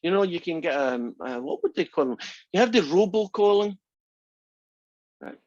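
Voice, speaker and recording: A man's voice: sits high, animated, normal speed, a little mellow, dry recording, highs cut off. A male math instructor giving a chatty classroom lecture and joking with his students. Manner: chatty, tells jokes with asides.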